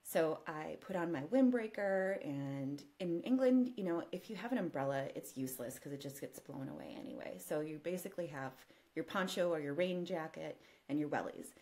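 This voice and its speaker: A woman guest telling an animated personal story in casual conversation, often breaking into laughter. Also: low voice, normal speed, hardly any pauses. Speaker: podcast guest.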